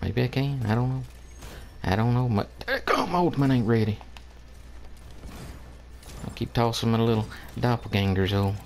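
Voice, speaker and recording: A man's voice: medium pitch, moderate pace, pauses often, darkish tone, a little hiss or hum. A man giving drawling, exasperated commentary over a team shooter game, pleading with his teammates. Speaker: gamer. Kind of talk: gameplay commentary.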